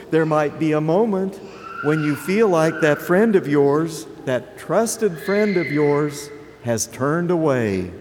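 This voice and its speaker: A man in his seventies delivering a sermon, slow and deliberate, with rhetorical questions for the congregation. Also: fairly high pitch, darkish tone, in a large hall, a little hiss or hum. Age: 70s. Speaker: preacher.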